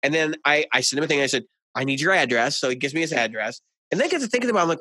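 A man co-hosting a podcast, telling stories in a casual, animated way, laughing and swearing as he goes. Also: fairly high pitch, rapid-fire, few pauses, no echo. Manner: animated storyteller, swears freely, laughs often. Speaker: podcast co-host. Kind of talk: casual chat.

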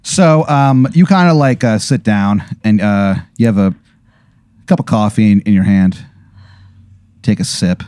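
A man's voice: lowish voice, a little slow, long pauses, a little mellow, clear, resonant tone, no room sound. A man hosting a podcast who tells a comic hypothetical story in a rambling, profane way, full of fillers. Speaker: podcast host.

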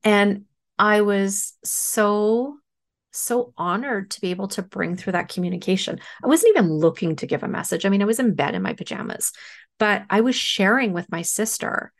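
Woman, podcast host, chatty personal storytelling, plays out the dialogue with energy, mid-range pitch. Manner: animated retelling with acted-out dialogue. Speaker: podcast host and spiritual medium.

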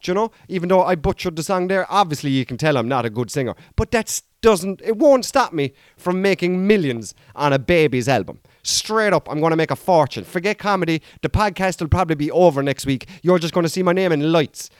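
A man's voice: a little high, animated, brisk, few pauses, dry recording, clean studio sound. An Irish man hosting a podcast in a rambling, self-mocking comic monologue full of chatty asides. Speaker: podcast host.

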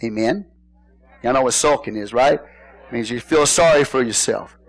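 A man's voice: medium pitch, moderate pace, low-quality recording. A man preaching a sermon in church, folksy and joking, often asking the congregation questions. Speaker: pastor.

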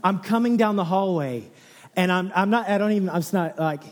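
A man in his thirties delivers a sermon as an animated storyteller, his voice sitting a little high for a man. He moves from low, hushed passages to bursts of excited near-shouting. The sound carries a long reverb, as from a large church hall. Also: a little fast. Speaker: pastor.

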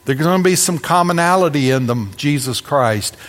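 A man's voice: a little high, expressive, normal speed, a bit bright, in a large hall. A man preaching a sermon with dramatic emphasis and humorous asides. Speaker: pastor.

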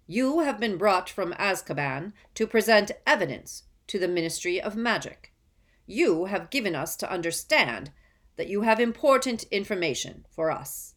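A woman's voice: medium pitch, sing-song, normal speed, voice pushed up. A woman voicing a curt, stern male official leading a hearing in a storybook reading. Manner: curt, sharp.

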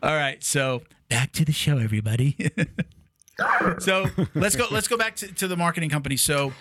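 A man's voice: on the high side, animated, brisk, noisy background. A man hosting a podcast in casual chat, talking loosely with lots of restarts and fillers. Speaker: podcast host.

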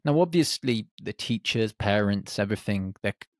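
A man hosting a reflective solo podcast, speaking in short, unhurried phrases. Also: fairly low pitch, expressive, no echo, clean studio sound. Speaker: podcast host.

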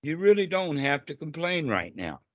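A man's voice: a little high, very animated, no echo. A man guiding a breathing meditation on a call, coaching patiently and repeating himself. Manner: slow, patient, repetitive coaching. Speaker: meditation teacher. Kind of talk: guided breathing instruction on a call.

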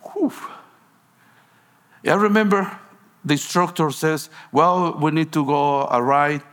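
A man's voice: a little high, slow, fairly bright tone. A man from Guatemala, a pastor preaching a sermon in a storytelling way, with broken phrasing and frequent restarts.

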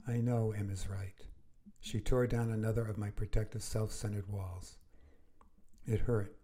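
Husky, dark-voiced man reading slowly. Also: on the low side, fairly even intonation. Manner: slow, measured, earnest reading. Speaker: podcast host. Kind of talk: reading a first-person grief memoir.

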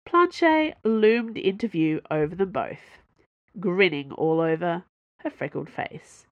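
A woman reading a science-fiction adventure novel aloud as an audiobook narrator, expressive and varied. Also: lowish voice, slow pace, no room sound, narrow, tinny audio. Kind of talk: scripted narration.

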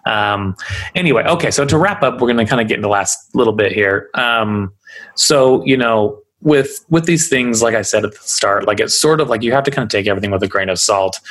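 Male podcast host, casual and rambling, lowish voice. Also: fairly bright tone, rough recording. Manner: chatty, rambling with many fillers. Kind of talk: casual storytelling chat.

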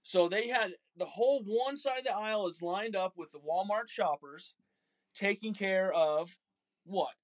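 A man's voice: sits high, unhurried. Dad on a home podcast, goofy storyteller, acts out the people in his stories. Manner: animated, jokey, acts out voices in stories. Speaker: podcast host, father. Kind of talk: casual storytelling chat.

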